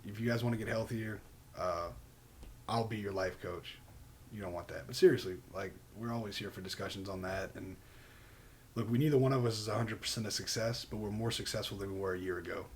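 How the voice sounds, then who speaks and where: A man's voice: lowish voice, brisk, slight background noise. A man co-hosting a podcast in casual chat, laid-back and jokey, often saying "man" and laughing. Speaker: podcast co-host.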